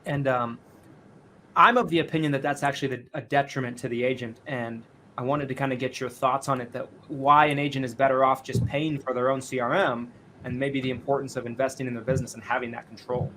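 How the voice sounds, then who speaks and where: A man's voice: medium pitch, fairly even intonation, quick pace, bright, forceful tone, slight background noise. A man hosting a live podcast over a video call, rambling as he sets up questions, with many fillers. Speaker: podcast host.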